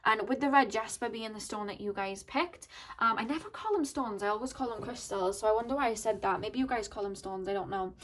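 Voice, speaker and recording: A woman's voice: medium pitch, a bit bright. A woman giving an intuitive tarot reading to her viewers, speaking earnestly and thinking aloud as she goes. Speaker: tarot card reader.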